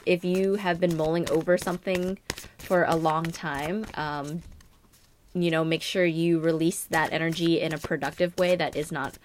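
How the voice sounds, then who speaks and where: Low-voiced chatty woman tarot reader. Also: steady tone, moderate pace, a little hiss or hum. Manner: rambling, many fillers and "like". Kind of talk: casual astrology reading.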